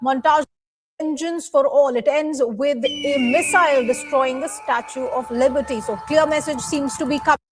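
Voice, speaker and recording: High-voiced woman reading a news report. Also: moderate pace, poor audio. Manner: reads with slips and restarts. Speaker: news reader in a played clip.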